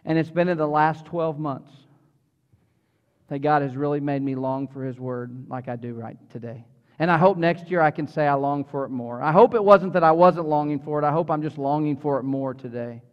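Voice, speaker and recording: Middle-aged male pastor, lively conversational preacher, high voice, church hall echo, slightly muffled. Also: normal speed, smooth. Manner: animated, conversational preaching with humor and audience asides. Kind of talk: sermon. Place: church sanctuary. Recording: reverberant hall, slightly dull sound.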